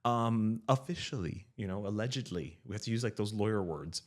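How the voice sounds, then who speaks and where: A man's voice: on the low side, expressive, a little fast. A man co-hosting a podcast in casual chat, wry and joking. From Miami, United States. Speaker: podcast co-host.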